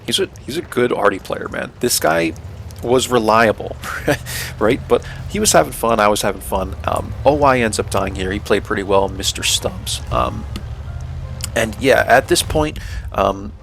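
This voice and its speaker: With faint music behind him, a young North American man talks through his tank gameplay casually, breaking down tactics and saying "um," "right?" and "man" a lot. His low voice is animated and a bit bright, with vocal fry, at a moderate pace.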